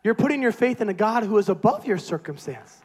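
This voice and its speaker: A man preaching a sermon with energetic, emphatic repetition. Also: high-pitched, a little fast, some chatter behind.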